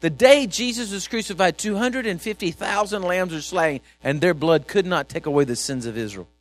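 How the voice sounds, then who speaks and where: High-voiced, animated man preaching. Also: moderate pace, dry recording. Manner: animated, repetitive, swings from shouting to quiet asides. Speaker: pastor. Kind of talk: sermon.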